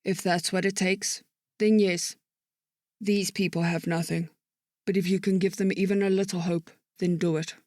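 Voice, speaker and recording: A man's voice: high-pitched, little pitch movement, normal speed, a little mellow, dry recording, studio quality, voice pushed up, close to an everyday voice. A man voicing a stern, commanding female military lieutenant in an audiobook, speaking in a clipped, authoritative way. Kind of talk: audiobook narration.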